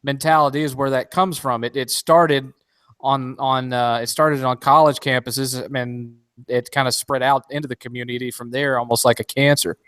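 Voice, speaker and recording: A man explains his view in a loose, rambling podcast chat, full of restarts and fillers. His voice sits at a middling pitch. The sound is dry and close to the mic. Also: fairly even intonation, moderate pace, a bit bright, smooth, dry recording.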